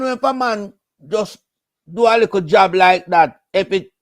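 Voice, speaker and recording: A man with a Jamaican accent giving measured but indignant political commentary and stressing his points. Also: sits high.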